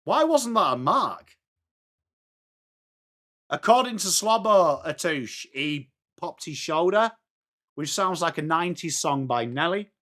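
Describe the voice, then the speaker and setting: An English man hosting a fan watchalong, chatting through the match as live fan commentary and breaking into shouts at big plays. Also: a little high, expressive, slow, long pauses. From England.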